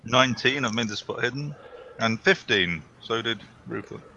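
A man's voice: medium pitch, moderate pace, gravelly, bright, forceful tone, dull audio. A man playing a tabletop game, speaking hesitantly and repeating words. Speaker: player.

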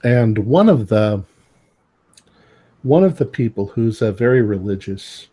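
A man narrating as game master, pausing often with filler sounds. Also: lowish voice, animated, mellow, husky. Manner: rambling, many filler sounds.

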